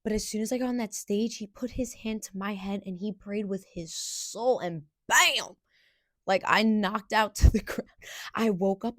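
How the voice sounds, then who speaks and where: A young woman hosting a podcast, telling a personal story in an earnest, halting way with restarts. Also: mid-range voice, darkish tone, dry recording, studio quality. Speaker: podcast host.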